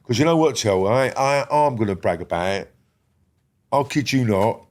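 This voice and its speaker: A middle-aged man, a guest in a casual podcast interview, talking bluntly with lots of swearing and often dropping to a quiet murmur. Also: animated, moderate pace. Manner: blunt and heavy on swearing, drops to a low murmur.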